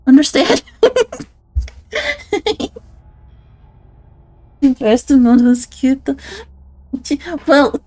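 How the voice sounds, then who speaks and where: A woman's voice: high-pitched, big pitch swings, drawn-out words, pauses often, warm tone, dry recording. A woman streamer chatting casually on a live stream, giggling often, self-conscious and swearing a lot.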